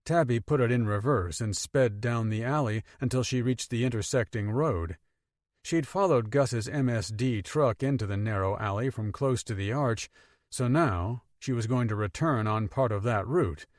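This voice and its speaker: Reading an audiobook in a steady, expressive manner, a man narrates a scripted story in a mid-range voice at normal speed. The recording is dry and studio-clean.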